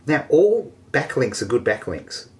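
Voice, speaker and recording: A man teaching an online marketing lesson, energetic and jokey, poking fun at himself. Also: mid-range voice, unhurried. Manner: energetic, jokey and self-mocking. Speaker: online marketing course host.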